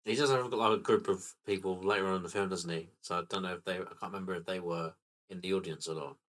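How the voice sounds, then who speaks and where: A man's voice: sits low, fairly even intonation, fast, a bit bright. A man co-hosting a casual film podcast, laid-back and a little unsure as he chats. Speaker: podcast co-host.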